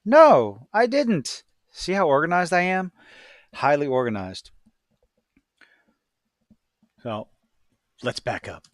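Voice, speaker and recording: A man's voice: a little high, very animated, a little slow, no room sound, studio quality. A man talking casually as he reviews a show, blunt and rambling, with self-deprecating asides.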